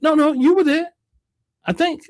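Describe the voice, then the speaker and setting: A man with a notably high voice hosts a casual call-in talk show. He tells stories with energy, laughing as he goes and acting out other people's words. His voice sits close and dry, with no room sound. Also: moderate pace, no room sound. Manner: animated storyteller, laughs often, acts out quotes. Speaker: host.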